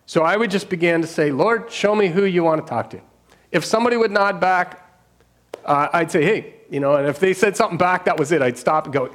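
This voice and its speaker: A middle-aged man speaks in a voice a little higher than most men's. He tells a personal testimony as a pastor would, earnest and unscripted. He laughs often, trails off, and restarts his sentences as he goes. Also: animated, fairly quick. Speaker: pastor and street outreach worker.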